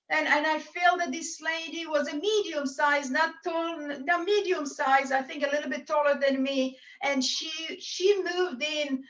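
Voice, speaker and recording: A woman's voice: high-pitched, fairly bright tone, muffled recording. A woman serving as a spiritualist medium, earnestly relaying messages in quoted speech during a church service over a video call.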